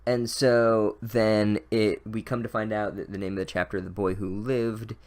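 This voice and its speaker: A man with a fairly low voice rambles through a comedic book recap. He is sarcastic and profane, and keeps restarting his sentences and piling on "like.". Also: flat delivery, normal speed, a little mellow.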